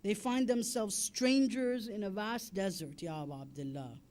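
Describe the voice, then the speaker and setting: A man's voice: high-pitched, moderate pace, darkish tone. A man preaching a Muharram sermon and elegy, impassioned and building to a wailing lament, with chanted Arabic recitation.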